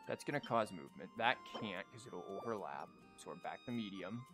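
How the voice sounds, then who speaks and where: A man's voice: deep voice, lively intonation, brisk, over music. A male streamer chatting casually on a livestream, rambling and stammering as he plays a card game and talks to chat.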